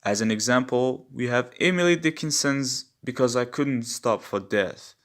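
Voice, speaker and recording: A man's voice: medium pitch, normal speed, fairly bright tone. A man teaching a poetry lesson step by step, patiently explaining each stage and repeating key terms. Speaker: English literature teacher.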